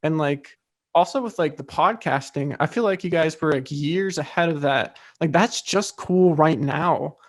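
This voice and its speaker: A man's voice: a little high, normal speed. A young man interviewing a guest over a video call, talking loosely with lots of "like" fillers. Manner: loose, filler-heavy, says "like" a lot.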